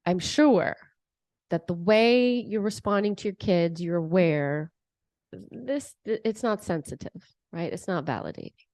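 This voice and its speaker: A woman's voice: lowish voice, unhurried, dry recording, studio quality. A young adult woman coaching on emotions, giving advice straight to the viewer and acting out examples. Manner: acts out parent voices in examples, animated. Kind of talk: advice talk to camera.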